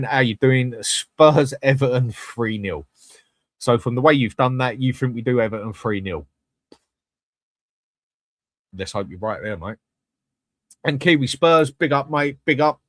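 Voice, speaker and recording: Blunt, swearing fan host. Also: male voice, mid-range voice, a bit bright, no room sound. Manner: blunt, swears freely, chatty with viewers. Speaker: host of a live fan channel. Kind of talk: live-stream chat reading comments.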